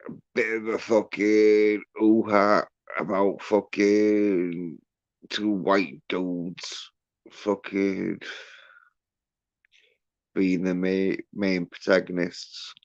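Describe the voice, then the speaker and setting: Slow, deep-voiced swearing man. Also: level tone, no echo, dull audio. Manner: profane, rambling, many fillers and restarts. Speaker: livestream host. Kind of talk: rambling livestream rant.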